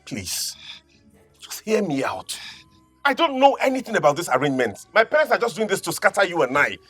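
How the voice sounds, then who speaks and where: A man's voice: sits high, big pitch swings, fairly quick, husky, faint music behind, full character voice. An actor with a Nigerian accent playing a young man who pleads and then defies his parents over an arranged marriage. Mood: pleading. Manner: pleading, breaking into shouts.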